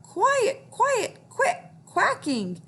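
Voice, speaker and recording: A woman voicing a frustrated male football quarterback who yells shrilly for quiet in a children's story. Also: huge pitch swings, extremely slow, full character voice. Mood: yelling. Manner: shrill yelling.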